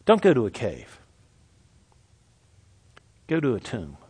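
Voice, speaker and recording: A man preaching a sermon, reading scripture dramatically and dropping from loud declarations to hushed, slow words. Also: medium pitch, huge pitch swings, slightly rough.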